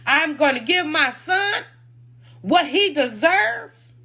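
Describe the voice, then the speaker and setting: A woman's voice: sits high, very animated, slow pace, bright, forceful tone. A woman who owns a food truck, defending herself in an emotional, indignant personal statement and repeating points for emphasis.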